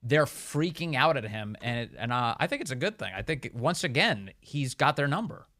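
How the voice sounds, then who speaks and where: A man's voice: mid-range voice, animated, moderate pace, bright, forceful tone. A man hosting a talk radio interview, speaking in an emphatic, opinionated way.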